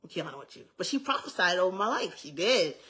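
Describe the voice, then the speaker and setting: A woman's voice: lowish voice, big pitch swings, fast talker, bright, forceful tone. Young woman sharing her testimony, earnest, repeats herself a lot, chatty asides. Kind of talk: casual testimony.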